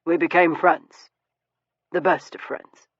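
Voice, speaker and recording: Someone playing a wry, brooding young Victorian man in an audiobook, higher-pitched than most men and laconic in his replies. The voice sits close and dry, and the recording is somewhat dull and muffled. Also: fairly even intonation, slow pace, breathy edge, no room sound. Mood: reflective. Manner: dry, laconic, turning wistful. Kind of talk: audiobook character dialogue.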